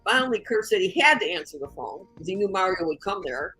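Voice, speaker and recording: Husky older woman telling a story. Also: medium pitch, fairly quick, faint music behind, low-quality recording. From Chicago area. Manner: animated storyteller who acts out the voices in her story. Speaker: interview guest. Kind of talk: storytelling in an interview.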